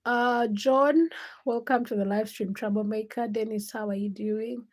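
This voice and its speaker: A woman's voice: fairly high pitch, fairly even intonation, measured pace. A young woman hosting a casual late-night livestream, chatting and teasing viewers by name as she reads their comments. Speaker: livestream host.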